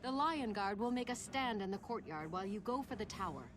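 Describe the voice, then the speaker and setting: A woman's voice: medium pitch, expressive, brisk, over music, natural voice. An actress playing a brave female deputy of a city guard in a game, speaking in a commanding, resolute way.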